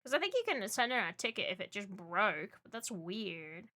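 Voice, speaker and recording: A woman streamer chatting casually and reading out chat, excitable and loud, swearing often. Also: mid-range voice, normal speed. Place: Brisbane.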